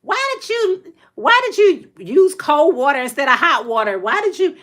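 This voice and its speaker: A woman acting out her exasperated mother nagging a lazy child, in a raised, shrill voice. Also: expressive, a little slow, bright, forceful tone, heavily acted. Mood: scolding. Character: exasperated scolding mother, middle-aged woman.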